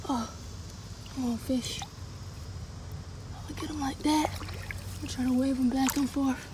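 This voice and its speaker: A tired woman with a cracking voice, rambling excitedly in a casual outdoor fishing vlog by a pond, recorded on a handheld camera. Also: sits high, unhurried, noisy background. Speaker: fishing vlogger. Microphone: handheld phone or action camera.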